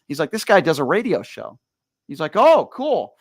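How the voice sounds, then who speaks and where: Fast-talking male radio host. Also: fairly high pitch, no echo. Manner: rapid, animated, stumbling restarts. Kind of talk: casual storytelling chat.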